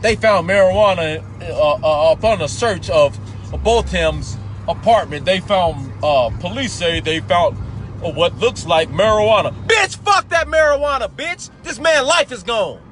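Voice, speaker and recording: High-voiced man ranting in heated fury. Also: expressive, measured pace. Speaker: live talk show host. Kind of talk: angry commentary monologue. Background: faint background music.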